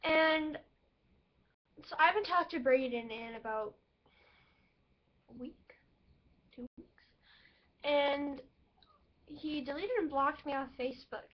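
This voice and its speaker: A young woman telling a personal story to her viewers in a rambling, emotional way, with many fillers. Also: high voice. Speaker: vlogger. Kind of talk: personal vlog talking to camera. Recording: dull lo-fi webcam audio.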